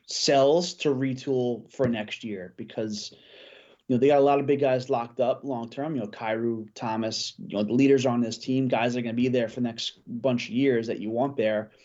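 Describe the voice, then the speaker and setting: A man chatting casually about hockey as a podcast guest, thinking out loud with fillers and restarts. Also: medium pitch, lo-fi sound. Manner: thoughtful, many fillers and restarts. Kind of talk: casual sports chat.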